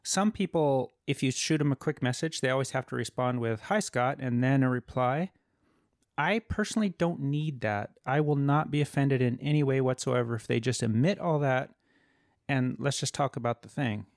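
A man hosting a casual podcast, asking his guests questions in a relaxed, curious way. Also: mid-range voice, normal speed, dry recording, clean studio sound. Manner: inquisitive, conversational, asks questions. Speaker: podcast host. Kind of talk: casual chat.

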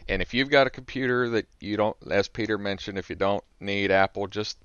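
A man's voice: on the low side, a little fast, fairly bright tone, clean tone, dry recording, muffled recording. A man hosting a podcast, chatting conversationally and offering practical tips. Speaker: podcast host. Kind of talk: casual podcast discussion.

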